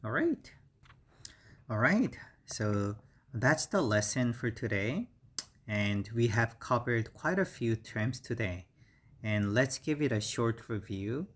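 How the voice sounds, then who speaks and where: A man with a Korean accent teaching English vocabulary, repeating each word slowly and carefully with frequent pauses and fillers. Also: mid-range voice, lively intonation, fairly bright tone. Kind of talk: slow vocabulary lesson.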